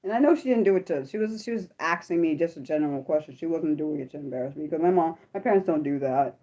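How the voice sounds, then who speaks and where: A young adult woman chatting casually on her livestream, apologetic and self-deprecating, swearing a lot and swinging from high laughing squeals to low mutters. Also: lively intonation, fast talker, mellow. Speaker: livestream host. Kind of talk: unscripted livestream chat with viewers.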